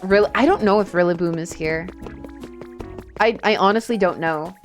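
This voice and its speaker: A woman streaming a game live, chatting casually, excitable and a little shy in her asides. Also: medium pitch, normal speed, soft background music.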